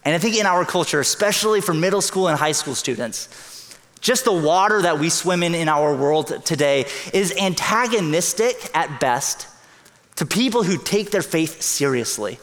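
Pastor, male, earnest sermon delivery, slightly high voice, reverberant sanctuary. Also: fairly bright tone. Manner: earnest, emphatic preaching with quick bursts and slow stressed lines. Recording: long hall reverb.

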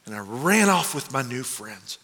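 A man's voice: medium pitch, sing-song, unhurried, bright, forceful tone. A man giving a first-person dramatic sermon monologue, earnest and confessional, stammering on restarts. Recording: echoey hall.

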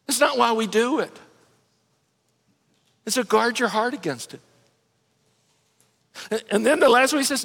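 A man's voice: extremely high pitch, sing-song, moderate pace, gravelly, long pauses, fairly bright tone. A middle-aged man preaching a conversational sermon as pastor, earnest and folksy, often restarting his sentences. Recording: long reverb of a large hall.

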